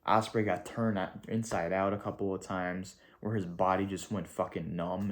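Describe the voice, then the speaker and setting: A man talking through a wrestling show in a casual video review, excitable and gushing, swearing freely and rambling with slang. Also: sits low, moderate pace.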